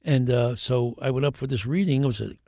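An older man, a guest actor on a podcast, telling lively anecdotes and acting out the voices of the people in them. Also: medium pitch, fairly quick, vocal fry, no room sound, studio quality. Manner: animated anecdotes, acting out the other voices in his stories. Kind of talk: podcast interview storytelling.

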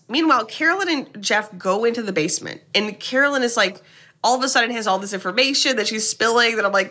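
Bright-voiced woman recapping a film. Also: on the high side, brisk. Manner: animated, sarcastic storytelling with swearing. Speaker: podcast co-host. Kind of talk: casual movie recap chat.

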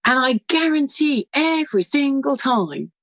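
A middle-aged woman with a British accent, speaking as an author guest and telling animated stories from her own life. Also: high-pitched, no echo, rough recording. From United Kingdom. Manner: animated, quick, acts out voices in anecdotes. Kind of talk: conversational storytelling.

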